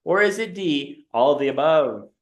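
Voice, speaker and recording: A man's voice: on the high side, animated, moderate pace. A male instructor running a classroom review quiz, reading out multiple-choice options in a quiz-show rhythm.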